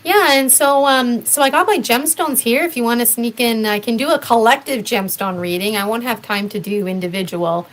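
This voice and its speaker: A woman's voice: a little high, normal speed, few pauses, a bit bright, poor audio. A woman from Canada, a guest on a video-call interview, talking in a rambling, reflective way with many fillers. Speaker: guest promoting a conference.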